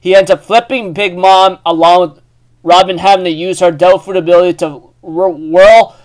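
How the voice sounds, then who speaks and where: A man's voice: high voice, fairly even intonation, moderate pace, a little mellow. A man giving a casual, rambling chapter recap, full of fillers and restarts. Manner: rambling, filler-heavy, self-correcting. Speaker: anime recap host.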